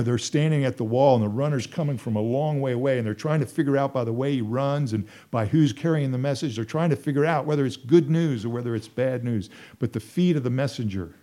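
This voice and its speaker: A man's voice: medium pitch, warm tone. A man preaching a sermon, telling stories earnestly and repeating phrases for emphasis.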